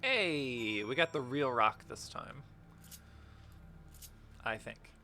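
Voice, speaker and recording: A man's voice: mid-range voice, expressive, slow, bright, forceful tone, a little hiss or hum. A man streaming a game with casual, jokey commentary, chatting and laughing often.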